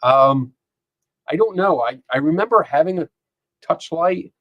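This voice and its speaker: A man's voice: fairly high pitch, expressive, measured pace, no echo, dull audio. A man hosting a live stream from a home studio, chatting casually and reading comments aloud, often laughing and rambling. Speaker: podcast host. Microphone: dynamic microphone.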